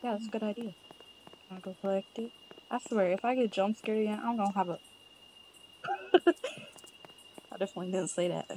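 A woman chatting casually while playing a video game with her sister, excitable and prone to loud outbursts and repeated catchphrases. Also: medium pitch, normal speed, long pauses, a little hiss or hum, low-quality recording. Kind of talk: casual gameplay chat.

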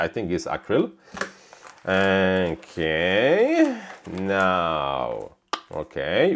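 Guy reviewing gadgets in english, excited and chatty, voice jumps all over. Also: medium pitch, slight background noise. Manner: chatty, enthusiastic, self-deprecating asides. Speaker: hardware reviewer. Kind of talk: unboxing and product review.

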